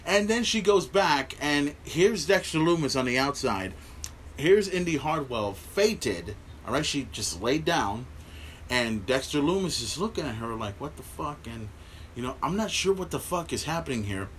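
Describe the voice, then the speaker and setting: A man's voice: mid-range voice, animated, normal speed, fairly bright tone, a little hiss or hum. A man hosting a podcast, recapping a wrestling show in a rambling, profane way, with many fillers. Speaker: podcast host.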